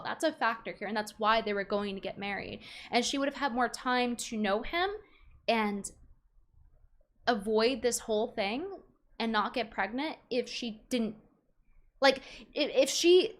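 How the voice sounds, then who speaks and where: A woman's voice: a little high, a bit bright. A young woman streamer chatting casually, reading viewer messages aloud and reacting bluntly.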